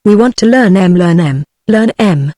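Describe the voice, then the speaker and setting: A British text-to-speech woman's voice reading the lines of a gruff, dry old male badger in a storybook. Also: lowish voice, normal speed, no echo. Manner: flat synthetic delivery.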